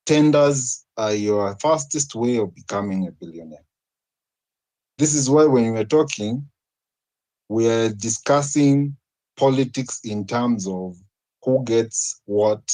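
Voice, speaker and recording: A man's voice: lowish voice, mellow, rough recording. A man with a Kenyan accent making an earnest argument in a panel debate, posing rhetorical questions. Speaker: debate participant.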